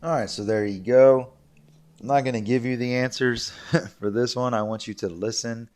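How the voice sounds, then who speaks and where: A male English teacher giving a recorded video lesson, explaining in a relaxed way and repeating key points. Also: mid-range voice, normal speed.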